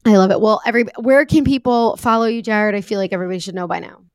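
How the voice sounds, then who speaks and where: Woman host, mid pitch, easygoing chat, dry studio mic. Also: very fast, no echo. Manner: brief agreeing replies, laughs easily. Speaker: podcast host. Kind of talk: casual podcast chat.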